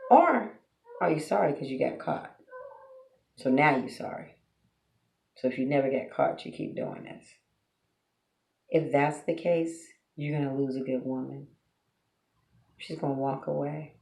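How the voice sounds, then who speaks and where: Blunt gravelly woman giving advice. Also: rumbling low, very animated, unhurried, pauses often, a little mellow. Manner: blunt, preachy, asks rhetorical questions. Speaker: relationship advice vlogger. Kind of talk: direct-to-camera advice monologue. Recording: roomy echo.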